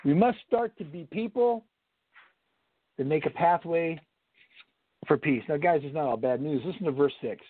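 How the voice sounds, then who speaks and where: A man's voice: fairly high pitch, normal speed, pauses often, no room sound. A man giving a Bible study lecture as instructor, emphatic, blunt and preachy. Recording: tinny phone-like, dry sound.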